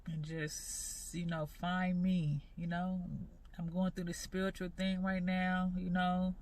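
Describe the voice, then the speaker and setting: A woman in her forties talking earnestly in a personal faith vlog, halting and repeating her phrases as she goes. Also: lowish voice, monotone, darkish tone. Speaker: vlogger.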